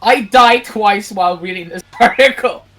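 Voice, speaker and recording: A co-host on a casual commentary show, bantering loudly with laughter and swearing while egging the other host on. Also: medium pitch, moderate pace.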